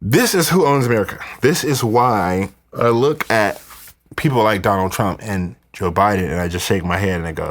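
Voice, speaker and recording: A man hosting a live podcast, ranting in an animated, conspiratorial way. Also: lowish voice, moderate pace. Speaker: podcast host. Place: indoors, wearing headphones.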